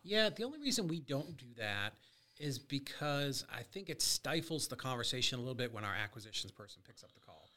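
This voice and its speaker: A man speaks in a casual podcast chat, fast and bright-toned. He jumps in with short agreements and quick explanations. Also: medium pitch, sing-song. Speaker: podcast co-host, real estate investor.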